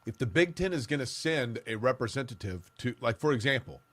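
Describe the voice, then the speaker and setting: A teasing, playfully bossy man co-hosts a sports talk show. He speaks at an average pitch for a man. His voice is dry and close in a studio. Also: animated, a little fast, breathy edge, dry recording.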